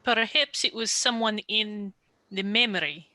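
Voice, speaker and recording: A woman takes part in a tabletop game, voicing her character in measured, formal sentences. She speaks slowly with a bright, forward tone. The recording is dry and close. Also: medium pitch, no echo. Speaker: player. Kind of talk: tabletop role-play, in character.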